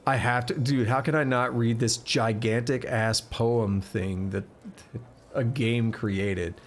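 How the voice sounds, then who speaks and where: A man's voice: medium pitch, steady tone, slow pace, slight background noise. A man streaming a game live, chatting casually and reading in-game text aloud, stumbling over words and correcting himself.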